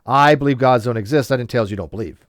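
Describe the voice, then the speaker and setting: A man's voice: medium pitch, fast, no echo, studio quality. A man hosting a casual discussion, explaining ideas at length with restarts and frequent checks for agreement. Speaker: debate host.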